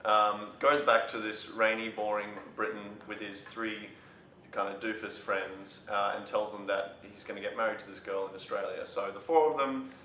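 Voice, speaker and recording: Hesitant low-voiced man summarizing a film. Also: fairly even intonation, normal speed, pushed and bright. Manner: hesitant, filler-heavy summarizing. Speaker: film reviewer. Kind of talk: casual film review chat. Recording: roomy room with faint rumble.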